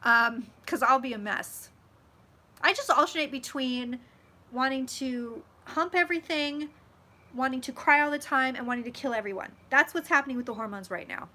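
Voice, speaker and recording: In a casual live-stream chat from her home, the young psychic vlogger reads viewer comments, gushing and swearing freely. Her high voice is pushed and bright, at a moderate pace.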